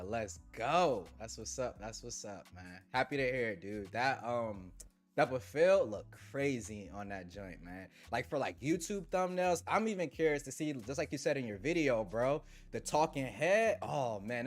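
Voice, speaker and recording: A man hosting a tech livestream, chatting casually with viewers in relaxed slang and laughing often. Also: mid-range voice, normal speed, soft background music. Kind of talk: casual livestream chat reading super chats.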